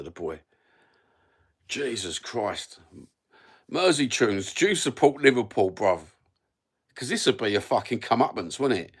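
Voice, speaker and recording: A Cockney man in his fifties with a fairly low voice talks straight into his phone on a live stream. He rambles and swears freely with easygoing, blokey banter. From London. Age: 50s. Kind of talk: casual live-stream chat.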